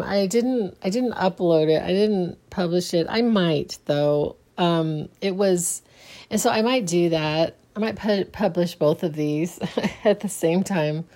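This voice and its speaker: A woman rambling casually on her own podcast late at night, sleepy and halting, restarting her sentences again and again. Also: mid-range voice, warm tone. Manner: halting, many restarts and trailing fillers. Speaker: solo podcaster and small business owner. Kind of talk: casual solo podcast monologue.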